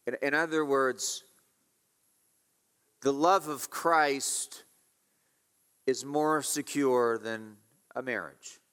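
Male pastor, mid-pitched, emphatic sermon delivery with repeated key phrases, long hall reverb. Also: drawn-out words, long pauses, fairly bright tone, smooth. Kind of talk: expository sermon.

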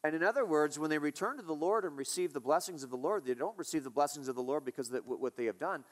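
Guy preaching a sermon, kinda high voice, hammers points with questions. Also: quick pace. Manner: emphatic preaching with rhetorical questions. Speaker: pastor.

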